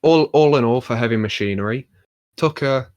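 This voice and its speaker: A man's voice: mid-range voice, normal speed, a little mellow, dry recording, muffled recording. A young man hosting a casual podcast, talking in a rambling, wry way full of fillers. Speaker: podcast host. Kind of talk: casual chat about wrestling.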